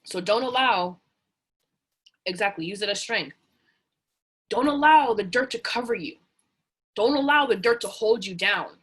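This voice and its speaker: A woman telling an earnest motivational story in a casual, animated way. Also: mid-range voice, unhurried, pauses often, slightly rough.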